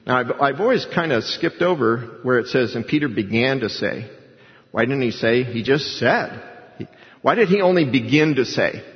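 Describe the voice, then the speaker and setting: A man's voice: medium pitch, expressive, normal speed. A man preaching a sermon in an emphatic, conversational storytelling way. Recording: dull sound with long hall reverb.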